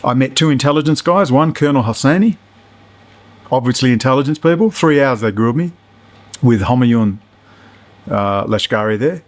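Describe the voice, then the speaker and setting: A man's voice: mid-range voice, moderate pace, long pauses. A middle-aged man, delivering a profane, heated, sarcastic political rant. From Australia. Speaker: political commentator. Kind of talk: ranting monologue.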